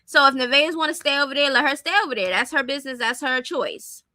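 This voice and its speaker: A woman's voice: high-pitched, quick pace, pushed and bright, dry recording. A young adult woman giving blunt, opinionated casual commentary and talking straight to her viewers. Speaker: commentary streamer. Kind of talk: casual commentary on celebrity gossip.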